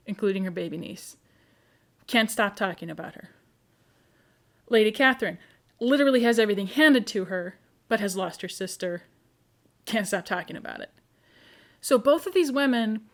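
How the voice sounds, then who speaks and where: A woman presenting a casual, chatty talk on novels, full of quick asides. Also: medium pitch. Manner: chatty, quick asides, mimics characters she discusses. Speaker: conference presenter.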